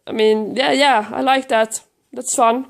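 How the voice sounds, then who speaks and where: A hoarse woman with a Swedish accent, lying on her couch at home with a cold, chatting casually to the camera and baby-talking to her cat in a rambling, self-mocking way. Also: a little high, steady tone, unhurried. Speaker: vlogger filming her cat.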